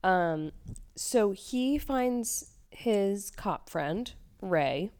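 A woman's voice: mid-range voice, lively intonation, drawn-out words, darkish tone, smooth. A woman co-hosting a podcast, recapping a TV episode in casual chat with lots of "um" and "like". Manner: chatty, frequent "um" and "like". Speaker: podcast co-host.

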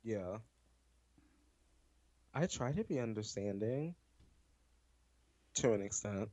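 A woman co-hosting a podcast, teasing and encouraging in quick casual back-and-forth. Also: a bass voice, expressive, warm tone, dry recording. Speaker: podcast co-host. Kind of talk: casual chat. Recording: dull lo-fi sound.

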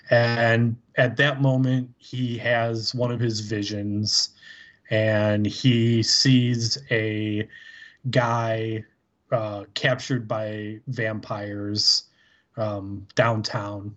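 Male podcast co-host, casual, slow and meandering, muffled lo-fi audio. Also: on the low side, level tone, a bit bright. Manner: rambling, full of fillers, puts on voices. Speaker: podcast co-host recapping an episode. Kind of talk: casual chat.

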